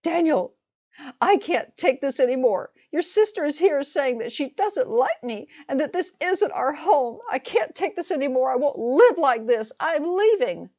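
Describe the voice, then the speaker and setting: A woman voicing a hysterical, dramatic adult woman who shrieks and pleads in a high, strained voice. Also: animated, a little slow, a little mellow. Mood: wailing. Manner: screeching, pleading, theatrical.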